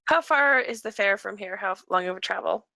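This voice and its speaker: A woman playing a tabletop game, asking brisk, direct questions in character and out. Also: medium pitch, creaky, pushed and bright, no room sound. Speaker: player. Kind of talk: tabletop role-play.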